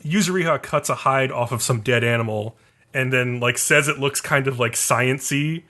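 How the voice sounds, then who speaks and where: A podcast co-host casually recaps an anime episode, rambling and leaning heavily on filler words like "like." His voice is medium-pitched, pushed and bright, at a normal speed.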